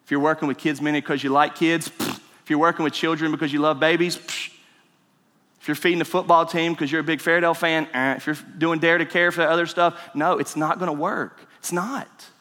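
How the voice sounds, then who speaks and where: Male pastor, high voice, emphatic sermon, reverberant church hall. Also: flat delivery, fast, hardly any pauses. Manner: emphatic preaching, swings between loud and hushed. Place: church sanctuary.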